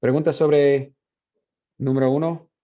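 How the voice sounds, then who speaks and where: A man teaching a phonetics class review, explaining and repeating words slowly to model pronunciation. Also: medium pitch, level tone. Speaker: Spanish phonetics instructor. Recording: dull lo-fi classroom recording.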